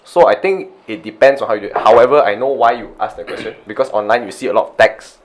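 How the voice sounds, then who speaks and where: A man's voice: lowish voice, fast talker. A young man, co-hosting a casual podcast and explaining his views through acted-out examples. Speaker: podcast co-host. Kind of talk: casual chat.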